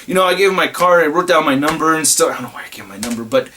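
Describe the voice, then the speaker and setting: A man who reviews toys online, excitedly telling a rambling story in a casual vlog. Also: on the high side, racing, slight background noise. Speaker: toy reviewer and YouTuber.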